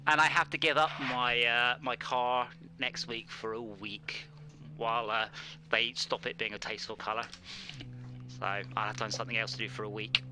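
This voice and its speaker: The streamer jokes and rambles with fillers, chatting casually as he plays a racing game. He has a mid-range, pushed and bright voice with fairly even intonation and a normal pace, and a little hiss or hum can be heard.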